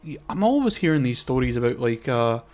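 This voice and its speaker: A man in a loose podcast conversation, circling his point through ums, false starts and the odd swear word. His voice sits at an ordinary middle pitch for a man. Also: very animated, fairly quick, darkish tone. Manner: rambling, many fillers and restarts, swears casually. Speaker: podcast co-host. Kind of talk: casual chat.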